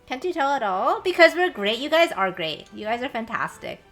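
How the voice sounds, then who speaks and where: A young woman from the United States, a streamer, chatting casually with her chat from a warm small room, swearing and laughing often. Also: fairly high pitch, big pitch swings, normal speed, soft background music.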